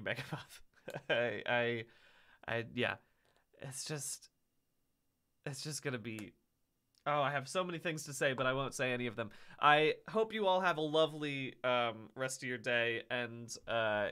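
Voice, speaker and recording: A man's voice: mid-range voice, pushed and bright, clear, resonant tone. A man streaming from home, chatting casually to his viewers at the end of a stream and often breaking off mid-sentence. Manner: chatty and self-interrupting, mock-outraged. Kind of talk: casual stream sign-off chat.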